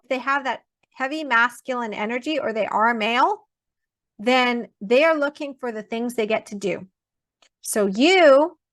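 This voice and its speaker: A woman in her thirties gives a casual online class with a bright, fairly high voice. She talks emphatically and conversationally, often stopping to check in with her listeners. The sound is close and dry, with no room around it. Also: no room sound. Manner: emphatic, conversational, acts out quoted people. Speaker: birth educator.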